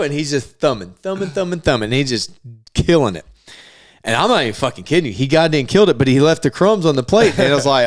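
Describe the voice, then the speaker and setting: A man's voice: a little high, fast talker. A young man co-hosting a podcast, telling a story with lots of swearing and acted-out quotes. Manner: animated, swears a lot, acts out quotes. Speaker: podcast co-host. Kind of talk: casual storytelling chat.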